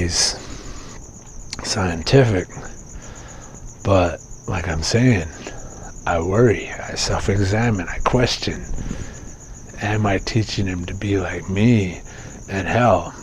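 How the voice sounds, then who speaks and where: A man's voice: sits low, a little hiss or hum. A young man hosting a podcast, talking through his life in a candid, profane, self-questioning ramble full of restarts. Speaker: podcast host. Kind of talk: casual personal monologue.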